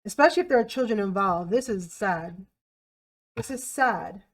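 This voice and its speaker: A woman's voice: medium pitch, lively intonation, normal speed. A woman giving a tarot reading to camera in a blunt, emphatic way, repeating herself and swearing freely. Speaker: tarot reader.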